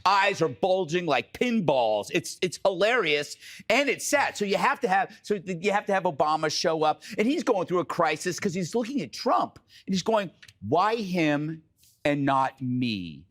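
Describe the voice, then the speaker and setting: A man's voice: high-pitched, sing-song, normal speed, a bit bright. A man hosting a TV panel, riffing in sarcastic, jokey banter. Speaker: panel host.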